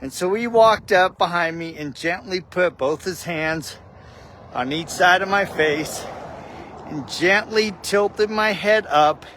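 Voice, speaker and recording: A man's voice: a little high, fairly bright tone, a little hiss or hum. A man casually telling a heartfelt personal story with a faith reflection, often saying "dude". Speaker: vlogger.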